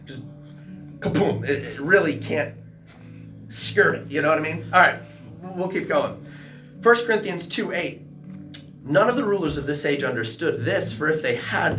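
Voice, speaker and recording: A fairly high-voiced man leads a church Bible class, reading verses and then jumping in with excited asides. The room around him rings with echo, and faint music sits underneath. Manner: excitable, reads scripture aloud and bursts into exclamations. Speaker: Sunday school teacher.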